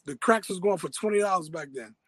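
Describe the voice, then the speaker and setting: A man's voice: sits high, quick pace, a bit bright, no echo, poor audio. A man from Harlem with a New York accent, telling a story in loose street slang as an interviewee. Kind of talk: casual storytelling.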